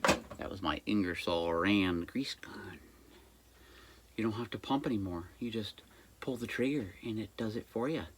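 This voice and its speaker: A man's voice: lowish voice, normal speed, background noise. A man who runs a small engine repair shop, giving a casual, rambling how-to with jokey asides while he works at his bench. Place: workshop by a busy road.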